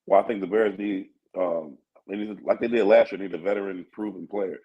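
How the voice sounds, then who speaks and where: Male sports radio co-host, lowish voice, easygoing, filler-heavy delivery. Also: fairly even intonation, fairly quick, lo-fi sound. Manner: laid-back, thinks aloud with many fillers. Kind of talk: casual sports talk.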